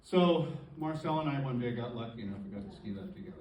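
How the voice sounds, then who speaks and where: A man presenting an award with a halting, emotional tribute speech, pausing to clear his throat as he gets choked up. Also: mid-range voice, expressive, a little mellow, slight background noise. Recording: roomy distant recording with faint ambience.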